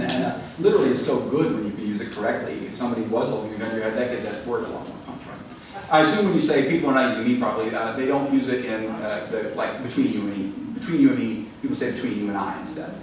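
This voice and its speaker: A man giving a lively, conversational public lecture to a library audience, then taking questions. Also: mid-range voice, very fast. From American South. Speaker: author giving a library talk. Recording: roomy echo, distant mic, faint background noise.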